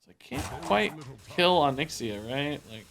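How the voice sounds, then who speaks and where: A man's voice: a little high, animated, a little slow, a bit bright, slight background noise. A man streaming live, commenting on his gameplay, thinking aloud and picking apart his own moves. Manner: thinks aloud, self-critical, repeats himself. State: sore and tired from sport. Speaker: game streamer.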